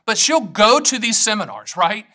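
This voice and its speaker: A middle-aged man, an annuity agent, talking straight to camera in an energetic, joking way that wanders off on tangents. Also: high-pitched, moderate pace. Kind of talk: casual direct-to-camera talk.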